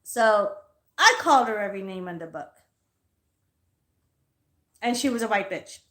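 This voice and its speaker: A woman's voice: medium pitch, animated, unhurried, a bit bright. A woman hosting a casual livestream as a psychic reader, telling stories in a heated, profane way and sounding tired. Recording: echoey room.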